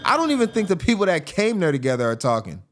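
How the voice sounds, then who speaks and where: A man hosting a show, giving casual, joking commentary over video clips in an animated way and often laughing. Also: high-pitched, fast. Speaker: host.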